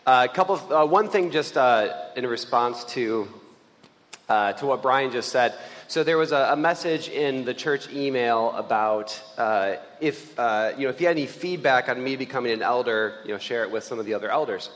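A man preaching a casual, conversational sermon in a church, earnest and halting, with many fillers and restarts. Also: mid-range voice, fairly bright tone. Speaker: pastor and church elder. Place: church sanctuary. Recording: long hall reverb.

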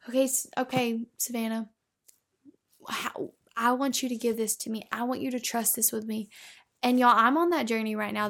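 A young woman talks through a devotional podcast episode. Her voice sits a little high, and her delivery is earnest and encouraging. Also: vocal fry. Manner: earnest and encouraging, says "y'all". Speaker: podcast host. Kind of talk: Christian devotional podcast talk.

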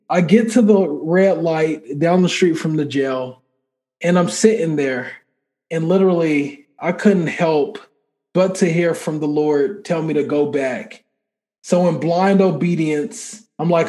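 A man with a somewhat high voice tells a personal faith story as a podcast guest. He talks casually and animatedly, with plenty of fillers, and acts out the dialogue as he goes. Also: unhurried, warm tone. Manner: conversational filler-heavy speech.

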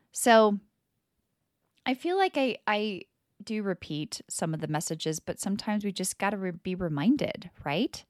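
A woman in her thirties hosting a spiritual self-help podcast, talking candidly and with a lot of swearing, acting out her own past words in lively voices. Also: lowish voice, no room sound, clean studio sound. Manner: candid, profane and animated, quoting herself in lively voices. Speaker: podcast host.

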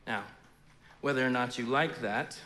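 Casual, animated male preacher. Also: mid-range voice, measured pace, big-room sound. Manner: conversational, animated preaching with frequent fillers. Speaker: pastor. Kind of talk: sermon.

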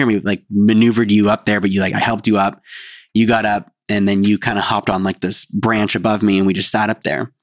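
A man with a somewhat low voice co-hosts a casual podcast. He tells stories with animation, switching into little quoted voices along the way. The recording is dry and close. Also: brisk, dry recording. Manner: animated storyteller, acts out quotes. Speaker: podcast co-host. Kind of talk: casual storytelling chat.

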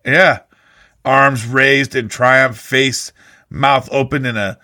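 A man's voice: mid-range voice, fairly even intonation, slow pace, pushed and bright. A man hosting a casual chat, asking questions and teasing his co-host in a dry way. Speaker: podcast host.

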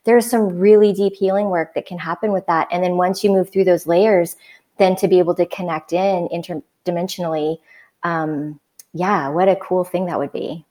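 Low-voiced woman hosting a chat. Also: fairly even intonation, dark tone. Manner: thoughtful, with pauses and fillers. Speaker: podcast host. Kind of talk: casual chat.

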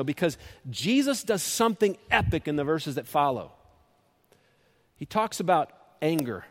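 A man preaching a sermon as pastor, impassioned, swinging from loud peaks to soft, low appeals, often repeating and restarting words. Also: animated, moderate pace.

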